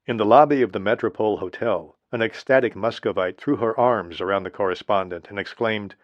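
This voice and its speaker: A man narrating a history audiobook in a steady, measured reading. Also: fairly low pitch, no room sound. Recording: dry, slightly dull lo-fi recording.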